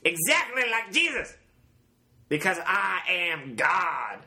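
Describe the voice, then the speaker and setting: A man doing a comic impression of a grandiose, menacing older male cult leader, in a strained, theatrical voice pushed well above his normal pitch. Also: sing-song, slow, bright, forceful tone, full character voice.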